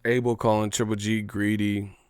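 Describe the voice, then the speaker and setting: Man, boxing stream host, brash and slangy, crisp clean voice, dry close sound. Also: fairly low pitch, flat delivery, normal speed, no echo, faint music behind. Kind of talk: live stream commentary.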